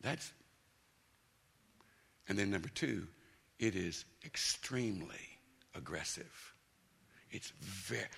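A man preaching a sermon, emphatic, dropping to quiet intensity and rising to loud bursts. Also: low voice, expressive, takes it slowly, creaky, pauses often, breathy edge.

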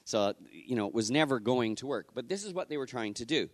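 A man preaching a conversational sermon in an animated, casual way. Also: medium pitch, brisk, no echo, studio quality. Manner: animated, casual, acts out the scripture quotes.

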